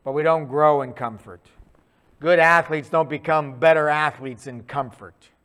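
A man preaching a sermon in a conversational, animated storytelling way, acting out quick asides. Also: fairly high pitch.

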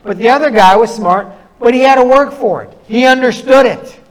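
Through poor audio, a middle-aged man preaches earnestly in a very high voice. His sermon leans on storytelling, with drawn-out phrases separated by pauses.

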